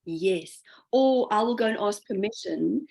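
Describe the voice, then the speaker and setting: Female interview guest, mid-pitched, gravelly fry, reflective and chatty. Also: lively intonation, a little slow, a little mellow. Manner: reflective, full of fillers and quoted self-talk. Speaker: guest spirit medium. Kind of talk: casual interview conversation.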